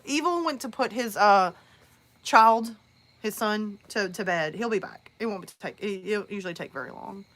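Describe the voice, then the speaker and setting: A woman who narrates horror chats casually with her live-stream audience. She tells a story in a loose, rambling way. Her voice is bright and forward. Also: medium pitch, moderate pace. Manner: rambling, chatty storytelling with restarts.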